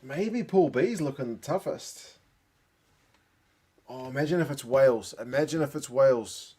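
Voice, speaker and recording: A man's voice: mid-range voice, lively intonation, measured pace, mellow, slightly rough. A man giving live reaction commentary, thinking aloud with gasps and exclamations, tired late at night. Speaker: rugby channel host.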